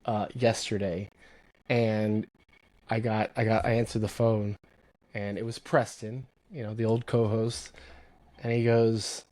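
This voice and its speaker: A man hosting a podcast, telling stories in casual chat and quoting others in lively voices. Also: mid-range voice, moderate pace. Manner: animated storyteller, quotes others in lively voices. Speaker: podcast host.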